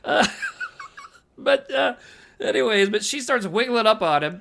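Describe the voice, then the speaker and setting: Gravelly male podcast co-host, animated, bright tone, acts out movie scenes. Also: extremely high pitch, slight background noise. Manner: animated, laughs often, acts out scenes in quick voices. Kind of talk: casual movie-review chat.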